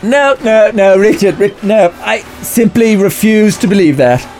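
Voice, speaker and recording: An actor playing a bewildered, anxious gentleman who stammers and flusters, in a comic audio drama. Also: high-pitched, expressive, unhurried, faint music behind. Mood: flustered.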